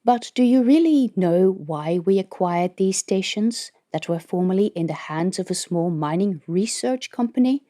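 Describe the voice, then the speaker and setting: A woman voicing a stern, secretive female military colonel in an audiobook, speaking in a measured, grave way. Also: medium pitch, animated, dark tone, natural voice.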